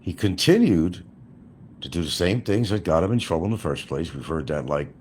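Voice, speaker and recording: A man's voice: sits low, sing-song, a little fast, a little mellow, slight background noise. A man giving a sarcastic ranting commentary as a YouTube commentator, hammering points through repetition.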